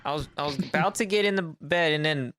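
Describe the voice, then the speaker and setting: A young man on a casual podcast, bantering in loose slang and quick to laugh along with the others. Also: a little high, fairly bright tone, slight background noise. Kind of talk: casual chat.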